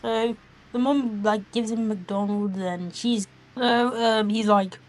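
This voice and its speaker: A woman's voice: fairly high pitch, fairly even intonation, slow pace. A woman casually reviewing online videos, retelling the plot in a rambling, giggly, exclamatory way.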